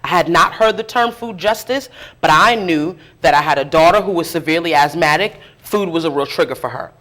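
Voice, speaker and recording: A middle-aged woman who organizes around food justice tells her story in a live interview, talking candidly, with lively asides and laughter at herself. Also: low voice, brisk. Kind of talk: conversational storytelling in a public interview. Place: live interview event before an audience.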